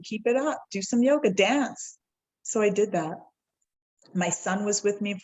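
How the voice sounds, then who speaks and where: A woman in her forties shares a personal story as a podcast guest. Her pitch sits in the middle range for a woman. She slips into quoted dialogue with lively shifts in tone, then slows down when she gets reflective. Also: rough recording. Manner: animated, reenacts dialogue with quick shifts in tone; reflective and heartfelt, slows down at key moments.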